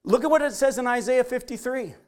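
A man preaching a sermon, reading scripture aloud and driving points home with animated emphasis. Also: very high voice, fairly quick. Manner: animated preaching, voice rising on quotes. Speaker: pastor.

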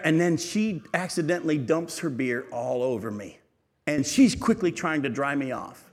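A middle-aged male preacher telling a lively, humorous story from the pulpit, often laughing as he goes. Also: a little high, moderate pace. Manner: animated storytelling, laughing at his own story. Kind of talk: sermon storytelling.

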